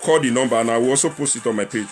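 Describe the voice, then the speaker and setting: A man's voice: mid-range voice, racing, faint music behind. A young man with a Nigerian accent hosting a casual livestream talk show, chatting and repeating himself as he appeals to viewers and slips into Pidgin. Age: young adult.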